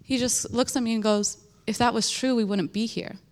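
A young woman giving an emotional, animated church testimony, telling a story with laughter and emphatic repetition. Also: fairly high pitch, normal speed. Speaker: speaker sharing a testimony.

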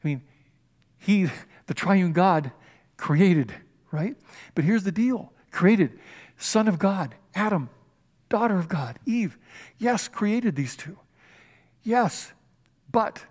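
A man delivers a Bible sermon in a loose, conversational way, full of humorous asides. His voice sits a little high for a man. He keeps the talk animated and chatty. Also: long reverb tail. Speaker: preacher.

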